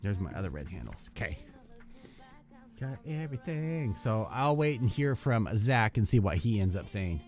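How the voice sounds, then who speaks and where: A man's voice: fairly low pitch, big pitch swings, moderate pace, a little mellow, soft background music. A man hosting a live hobby stream, chatting loosely with lots of fillers and half-finished thoughts while building a model kit. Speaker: hobby channel host.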